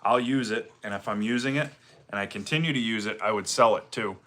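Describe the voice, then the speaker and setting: A middle-aged man from Maine, his accent showing through, chats easily on a livestream with a bright, forceful tone. He greets viewers by name and rambles along with lots of ums and uhs. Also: lowish voice, fairly quick. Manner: easygoing, greets viewers by name, many fillers. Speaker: livestream host, firewood seller. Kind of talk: casual livestream chat reading viewer comments.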